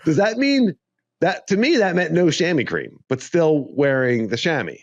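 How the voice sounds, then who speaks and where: A man's voice: a little high, sing-song, moderate pace, dry recording. Man rambling and joking in a dry, dull recording. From Arizona. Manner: rambling, joking, laughs often. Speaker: podcast co-host. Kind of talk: casual chat.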